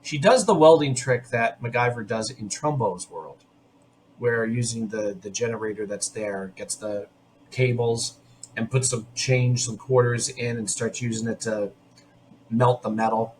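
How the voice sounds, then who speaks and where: A man hosting a podcast, recapping an episode in casual, opinionated chat full of quick restarts. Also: mid-range voice, a little hiss or hum. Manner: chatty and opinionated, talking in quick bursts with restarts. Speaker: podcast host.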